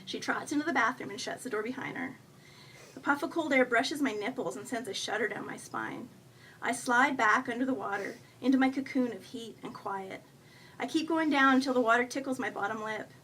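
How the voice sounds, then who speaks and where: A woman's voice: on the high side, fairly quick, sharp tone. A woman in her thirties reading her own humorous first-person story aloud at a live event, with a wry, self-mocking delivery. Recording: faint noise, voice a bit far from the mic.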